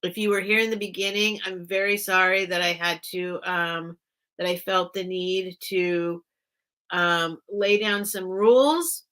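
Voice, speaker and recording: Woman host of a live sale stream, bright, forceful tone, rambling and giggly with her chat. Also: on the low side, fairly even intonation, measured pace. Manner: rambling, chatty, often breaks off mid-sentence; apologetic and giggly with viewers. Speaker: online seller hosting a live sale stream. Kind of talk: casual livestream chat.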